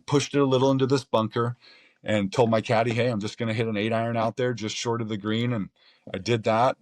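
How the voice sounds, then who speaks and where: A man's voice: fairly low pitch, no echo. A middle-aged American man, a pro golfer, telling a long story in a casual interview, rambling and quoting his own thoughts with many restarts. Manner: rambling, animated retelling with restarts and quoted inner speech.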